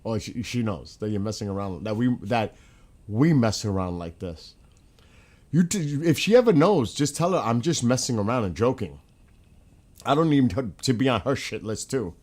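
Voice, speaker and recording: A man hosting a casual livestream, talking straight to his chat in a hurried, rambling way. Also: mid-range voice, lively intonation, darkish tone. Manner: rushed, talks to chat directly. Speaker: livestream host.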